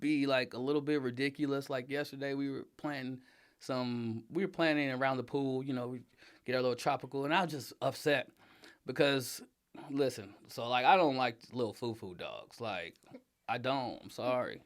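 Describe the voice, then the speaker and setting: A middle-aged man in a relaxed interview, speaking in an emphatic, animated way. His voice sits in an ordinary middle pitch, and he laughs easily and turns loud when riled up. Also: moderate pace. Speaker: interview guest, father and design director. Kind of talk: casual conversational interview.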